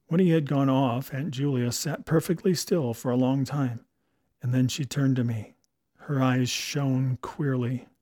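A man's voice: medium pitch, fairly even intonation, a little slow, warm tone, no echo. A man narrating a comic novel in the first person, dry and wry.

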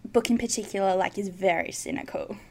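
A woman's voice: medium pitch, a little fast, slight background noise. Easygoing young woman podcast co-host. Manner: relaxed, agreeable, frequent short affirmations. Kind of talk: casual chat.

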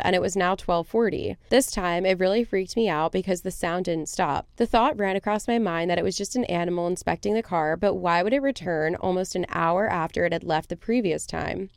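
A woman's voice: medium pitch, smooth, no room sound, studio quality. A woman co-hosting a podcast, casually reading scary stories aloud with chatty asides. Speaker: podcast co-host.

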